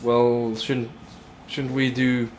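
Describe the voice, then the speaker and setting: A man's voice: mid-range voice, little pitch movement, extremely slow, slight background noise. A young man chatting casually while playing a video game, rambling with frequent restarts. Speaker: let's play host. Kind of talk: casual gaming chat.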